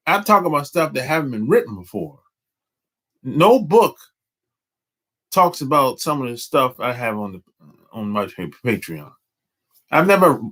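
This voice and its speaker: A man hosting a casual live stream, talking in slangy, drawling speech with lots of repetition. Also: fairly high pitch. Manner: slangy, drawling, animated, repeats himself.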